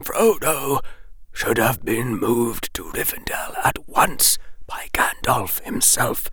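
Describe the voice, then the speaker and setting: A man voicing a stern, sad old male wizard headmaster who speaks in hushed, half-whispered tones. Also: mid-range voice, big pitch swings, slow pace, slightly rough, no room sound, heavily acted.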